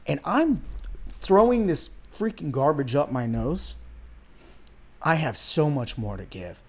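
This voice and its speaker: Slow and expressive with a fairly high pitch, a man in his thirties from Iran tells his life story as a podcast guest. A weight loss coach, he keeps the interview casual yet earnest and heartfelt, calls the host "man" and "dude," and at times is close to tears.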